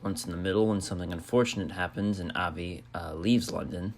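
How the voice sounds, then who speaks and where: A young man, a film student, narrating a video essay in a measured way with filler sounds. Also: sits low, steady tone, very noisy. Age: young adult.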